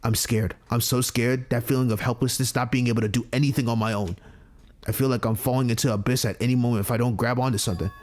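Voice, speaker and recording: A man's voice: mid-range voice, steady tone, fast talker, a little mellow, natural voice. A man voicing a frightened blind young female student in a video game, speaking in a shaky, hesitant way. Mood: scared.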